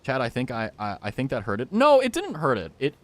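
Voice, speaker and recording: Jokey streamer man with a lively pitch. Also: fairly quick. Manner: jokey, rambling, reacts aloud to the game. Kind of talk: casual gaming stream chat.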